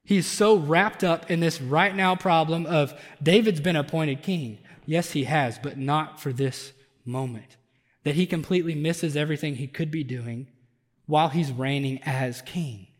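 A man's voice: on the high side, a little slow, in a large hall. A man preaching a conversational sermon as pastor, building up intensity on his emphatic points. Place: church sanctuary.

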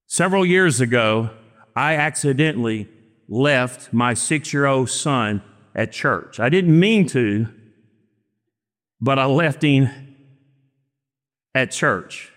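A man, preaching a sermon and telling stories with acted-out dialogue and slow, emphatic phrasing. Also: medium pitch, lively intonation, a bit bright. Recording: long reverb of a church hall.

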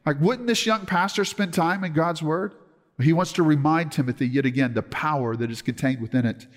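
A man preaching a sermon with earnest emphasis, slowing down to stress key words. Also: fairly high pitch, big-room sound. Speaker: pastor.

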